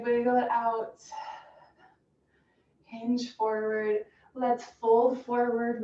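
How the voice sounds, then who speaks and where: A woman fitness instructor calmly cueing a stretching class with encouraging guidance. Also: on the high side. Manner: calm, encouraging cueing with soft breathy asides. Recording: roomy, distant, dull sound with faint hiss.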